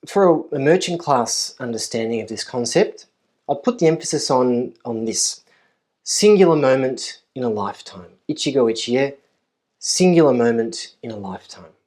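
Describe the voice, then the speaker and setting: A man giving a conference lecture at a university, thoughtful and measured, often pausing with ums and repeating key phrases for emphasis. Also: medium pitch, darkish tone. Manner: thoughtful, with frequent ums and uhs.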